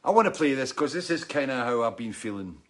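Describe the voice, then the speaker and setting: Male host, loose rambling chat, curses freely, mid-pitched. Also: expressive, a little fast, fairly bright tone. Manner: rambling and sweary, heavy on "you know". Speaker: show host. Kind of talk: casual livestream chat.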